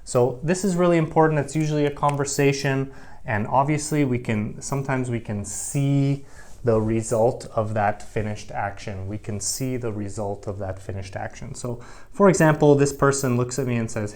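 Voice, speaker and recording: Middle-aged guy teaching grammar, patient, says things twice, mid pitch. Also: normal speed, darkish tone. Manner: explains patiently, repeats key phrases. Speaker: English teacher. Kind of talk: grammar lesson to camera.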